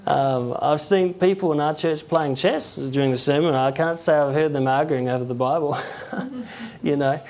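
Man, conversational preacher, halting delivery, acts out stories. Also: on the high side, a little mellow, a little hiss or hum. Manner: conversational, halting, with chuckles and acted quotes. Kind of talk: informal sermon.

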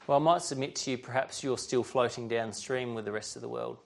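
A man delivers a sermon, reading scripture and then turning to press his point on the listeners. His voice sits in a middle pitch with a gravelly, creaky texture throughout. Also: steady tone, a little fast, hardly any pauses. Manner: earnest, addresses listeners directly. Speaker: preacher.

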